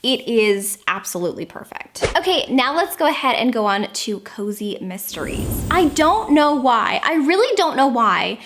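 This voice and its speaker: A woman's voice: fairly high pitch, background noise. An American woman giving enthusiastic, casual book recommendations, stretching words for emphasis. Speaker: book reviewer.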